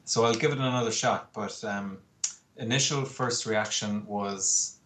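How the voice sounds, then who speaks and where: A man's voice: lowish voice, a little slow, fairly bright tone. A man, a guest in casual chat, opinionated and talkative with plenty of ums and uhs. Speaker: podcast guest. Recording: faint background noise.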